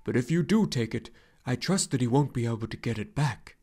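A man voicing a wise old male luck dragon in an audiobook, speaking in a grave, measured way. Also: medium pitch, lively intonation, a little mellow, natural voice.

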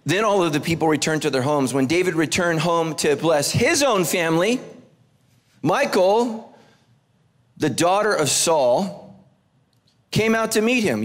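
A man's voice: on the high side, animated, moderate pace. A male pastor giving a humorous sermon to a congregation, breaking his scripture reading with playful jokes and asides. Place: church service before a live congregation.

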